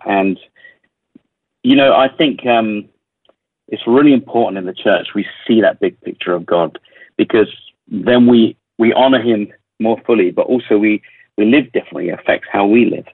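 A man from England with a London accent, a worship leader speaking in a radio interview, reflective and pausing with ums and repeated words. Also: on the low side, slightly rough, dry recording, phone-quality sound. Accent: London English. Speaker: worship leader and recording artist.

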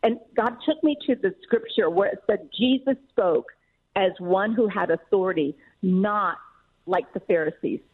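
A middle-aged woman author, a guest in an interview, talking in an emphatic, earnest way with quick laughs. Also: mid-range voice, breathy edge. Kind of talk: casual interview talk. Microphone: phone call. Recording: tinny phone line.

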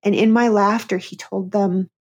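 A woman's voice: mid-range voice, steady tone, normal speed. A middle-aged woman, a therapist and comedian, telling a candid personal story as a guest on an interview show. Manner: earnest, candid storyteller who breaks into laughter.

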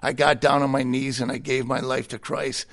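A man's voice: mid-range voice, flat delivery, moderate pace, a bit bright. A middle-aged man giving a personal testimony in conversation, candid and plainspoken, with a chuckle between stories. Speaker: guest sharing his testimony.

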